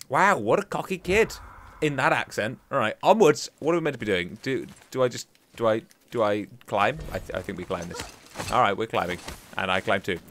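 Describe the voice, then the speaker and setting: A man's voice: medium pitch, lively intonation, a little fast, fairly bright tone. A young man chatting and joking to himself as he plays a video game. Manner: chatty, jokey, talks to himself while playing. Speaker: gaming YouTuber. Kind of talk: gameplay commentary.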